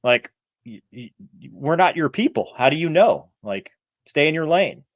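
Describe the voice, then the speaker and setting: Man, podcast co-host, lively storyteller, dry dull-sounding mic. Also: on the high side, moderate pace, dry recording. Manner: animated storyteller, acts out radio calls. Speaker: podcast co-host, former fighter pilot. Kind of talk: casual storytelling chat.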